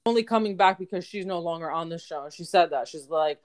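Smooth low-voiced woman co-host. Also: fast, few pauses. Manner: gushing, swears casually. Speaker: podcast co-host. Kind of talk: casual chat.

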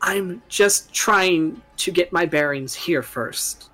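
A game master voicing a worried, evasive father who talks haltingly and keeps stalling in a tabletop game. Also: mid-range voice, bright, forceful tone, faint music behind. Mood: defensive. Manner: defensive, halting, placating. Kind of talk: tabletop role-play.

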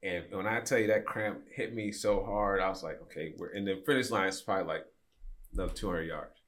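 This is a man in his fifties with a deep, low voice, telling a long story on a podcast. He chats casually and acts out the people in it with quick shifts of voice. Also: steady tone, a bit bright. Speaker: podcast guest.

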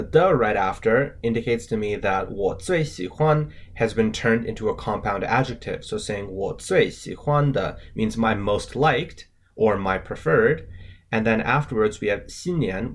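A man's voice: on the low side, lively intonation, normal speed, a little hiss or hum. A man co-hosting a language lesson, explaining word by word and spelling out the tones in a methodical, scripted way.

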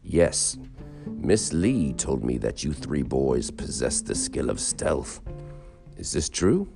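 A huge ancient dragon in a storybook, speaking in a very deep, gravelly voice with slow, formal words, as a narrator puts it on. It sounds stately and unhurried. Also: male voice, sing-song, over music, heavily acted. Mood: solemn.

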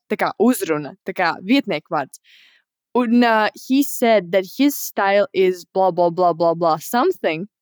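A woman's voice: medium pitch, no room sound, studio quality. Young woman, chatty, laughing. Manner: mixes Latvian and English, swears, laughs often. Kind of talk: casual chat.

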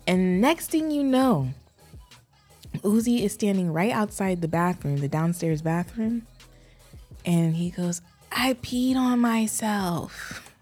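A woman in her thirties with a somewhat low voice, chatting easily on a podcast. She tells stories about home life and lets her voice drop into quieter asides. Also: lively intonation, measured pace, pauses often, soft background music. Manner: chatty storyteller, trails off, softer asides. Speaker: podcast co-host, mother. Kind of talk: casual chat.

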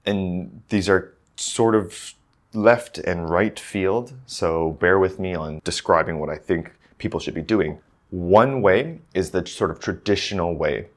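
Very low-voiced man musing on his podcast. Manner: thinking aloud, with many fillers and restarts. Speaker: podcast host, accent coach. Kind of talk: casual solo podcast monologue.

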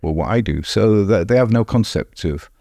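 A man's voice: fairly low pitch, animated, normal speed, dark tone, no echo, studio quality. A middle-aged man, answering in a podcast interview, emphatic and often repeating words as he restarts. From England. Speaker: street art festival founder.

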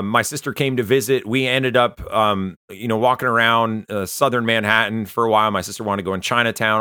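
Man, personal testimony, bright forceful tone, dry close sound, earnest, halting. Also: mid-range voice, no room sound. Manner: earnest, halting, many fillers and restarts. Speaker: testimony speaker.

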